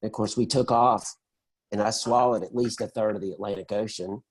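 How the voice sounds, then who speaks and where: Husky low-voiced man telling a story. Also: fairly quick, poor audio. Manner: animated storyteller, acts out quoted voices. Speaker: interview guest. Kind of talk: conversational storytelling.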